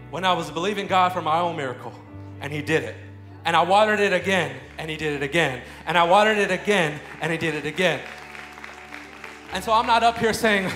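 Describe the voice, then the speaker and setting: A high-voiced man in his thirties delivers a sermon, dropping to quiet storytelling and then rising into loud, fervent prayer. His voice rings in a roomy, echoing space, with faint music underneath. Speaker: preacher. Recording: echoey room with faint music.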